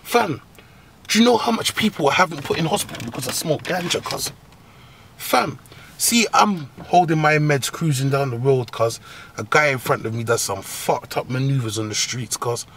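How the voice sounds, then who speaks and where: Loud slangy man ranting. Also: moderate pace, slight background noise. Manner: slangy, profane, laughing, animated swings into high squeals. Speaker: agony-uncle comedy host. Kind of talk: comic advice rant.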